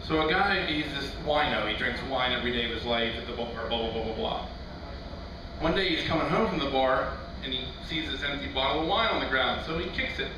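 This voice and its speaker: A man's voice: mid-range voice, lively intonation, a little fast. A man doing a stand-up routine in a loose, conversational way, full of fillers and acted-out quotes. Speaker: stand-up comedian. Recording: echoey room from far off, noisy.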